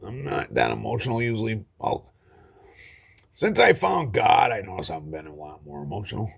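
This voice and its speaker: Gravelly, husky man venting on camera. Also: lowish voice, sing-song, a little fast. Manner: rambling, swears constantly, full of fillers. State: upset, emotional. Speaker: vlogger. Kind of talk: venting vlog monologue.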